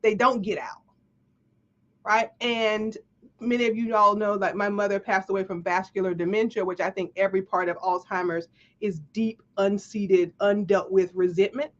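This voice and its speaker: A woman hosting a casual live chat, talking in an animated, chatty way and often checking in with "right?". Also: medium pitch, moderate pace. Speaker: host. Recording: dull lo-fi stream audio.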